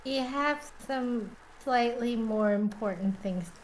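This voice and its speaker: A woman's voice: a little high, slow pace, a little hiss or hum. A woman playing a tabletop game, chatting in a playful way. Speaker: player. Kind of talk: casual game chat.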